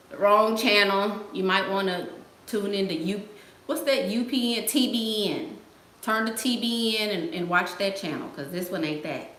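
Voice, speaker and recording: A woman's voice: medium pitch, a little slow, long pauses, a bit bright. Woman, livestream host, sassy, laughing, echoey room, faint background noise. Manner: sassy, laughing, playful slang. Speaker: host answering live chat. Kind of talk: casual livestream chat.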